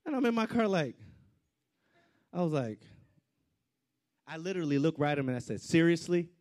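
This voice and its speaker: A man preaching a storytelling sermon, swinging between loud outbursts and hushed asides. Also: on the high side, big pitch swings, fairly quick.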